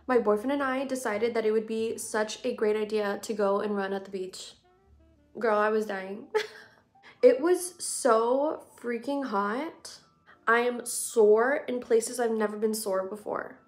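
A woman's voice: a little high, unhurried, faint music behind. Chatty young woman, candid vlog. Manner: chatty, candid and self-deprecating, addressing viewers as you guys. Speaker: beauty vlogger. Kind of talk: casual get-ready-with-me chat. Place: bedroom at home.

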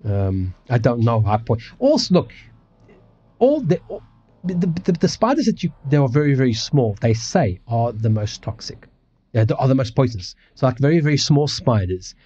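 Husky, rambling, swearing man. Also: mid-range voice, very animated, moderate pace, dark tone, highs cut off. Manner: rambling, swearing, many restarts. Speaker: livestream host. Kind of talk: casual ranting chat. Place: home apartment.

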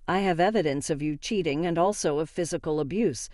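A woman's voice: deep voice, brisk, a little mellow, no echo, clean studio sound, lightly acted. A woman voicing a composed young wife who answers her husband coolly and cuttingly in a story. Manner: cool, cutting.

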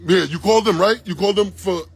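Raspy high-voiced man arguing at his door. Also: fast talker, soft background music. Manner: agitated, repetitive pleading demands. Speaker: man livestreaming from home. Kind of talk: live phone stream confrontation. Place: doorway of his home, indoors. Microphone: phone livestream.

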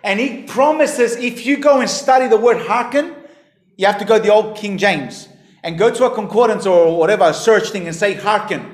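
A man preaching a sermon as pastor, emphatic, his voice rising and falling in pitch and volume. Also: brisk. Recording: echoey hall.

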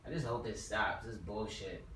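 A man's voice: fairly low pitch, normal speed, a bit bright. A man co-hosting a podcast, chatting casually and rambling with restarts and lots of "like". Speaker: podcast co-host. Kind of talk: casual chat. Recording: roomy, distant mic, faint noise.

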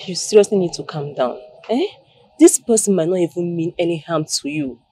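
A husky, teasing Nigerian friend. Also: female voice, fairly low pitch, brisk, warm tone, dry recording. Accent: Nigerian English. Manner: teasing, coaxing. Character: young woman, teasing, easygoing friend. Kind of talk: Nollywood film acting.

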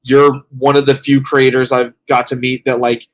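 A man of middle pitch co-hosting a casual talk show, tired after a long day. He rambles in loose, filler-heavy sentences, circling back as he tells his story. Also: level tone, normal speed. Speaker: co-host reporting from a convention. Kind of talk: casual podcast chat.

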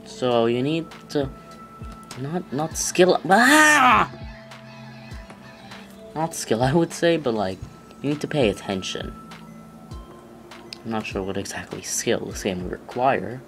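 A man doing let's play commentary, reacting loudly with yelps and groans whenever the game catches him out. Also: mid-range voice, a little slow, pauses often, soft background music. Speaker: gamer.

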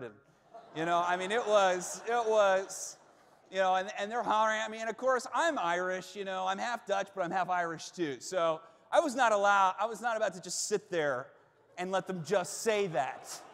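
A male pastor preaching a sermon and telling a personal story with animated delivery, acting out shouts and quotes. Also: high voice. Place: church auditorium. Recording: long reverb of a large hall.

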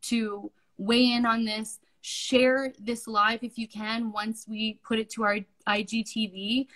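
A woman's voice: on the high side, little pitch movement, takes it slowly, a bit bright, low-quality recording. A woman from Canada co-hosting a podcast, speaking earnestly and emphatically, sometimes bluntly. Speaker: podcast co-host. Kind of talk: casual chat.

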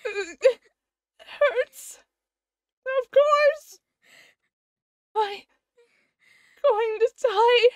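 A woman's voice: very high voice, very slow, pauses often, dry recording, lo-fi sound, voice pushed up, exaggerated voice. A woman voicing a tearful dying young woman. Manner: tearful, broken phrases. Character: young female scientist, wounded and dying, heartbroken. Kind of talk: reading a visual novel aloud.

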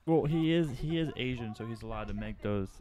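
A man's voice: medium pitch, a little fast, warm tone. A man co-hosting a horror movie commentary in casual chat, laid-back and rambling, with offhand trivia and wisecracks.

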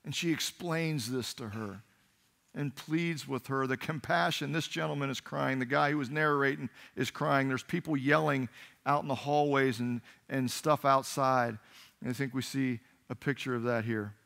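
A man pastor delivering a sermon, telling a story earnestly with halting restarts. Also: medium pitch, fairly even intonation, gravelly, a bit bright. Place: church sanctuary.

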